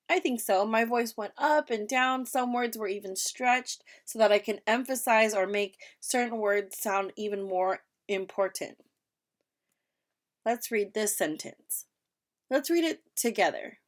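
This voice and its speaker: Woman teacher walking little kids through a reading lesson, slow and clear, lots of questions to the class. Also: fairly high pitch. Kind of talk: reading lesson for young children.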